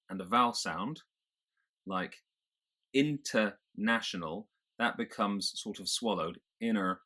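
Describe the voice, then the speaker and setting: Brief: British male accent coach, slightly low voice, explains and demonstrates sounds. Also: a bit bright. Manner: explanatory, demonstrates sounds, some hesitant fillers. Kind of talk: pronunciation lesson.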